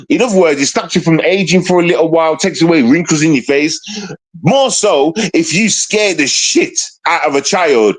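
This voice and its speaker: Male streamer, slightly high pitch, heated profane rambling. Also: low-quality recording. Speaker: livestream host. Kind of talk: rambling livestream talk.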